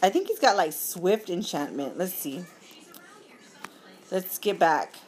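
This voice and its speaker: A woman chatting casually as she plays a mobile game, giggly and quick to apologize. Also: lowish voice, sing-song, a little hiss or hum. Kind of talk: casual gameplay commentary.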